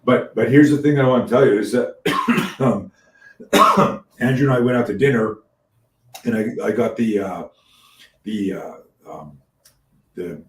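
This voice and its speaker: A man hosting a podcast interview, telling stories in an animated way, swearing freely and often restarting his sentences. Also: fairly low pitch, reverberant, far from the mic, rough recording. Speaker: podcast host. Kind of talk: casual interview chat.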